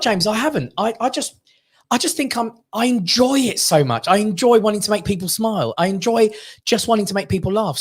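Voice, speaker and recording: In a London studio, an Armenian comedian joins an interview as a guest, chatting through funny anecdotes. His voice is high-pitched and husky, and he acts out voices and laughs frequently.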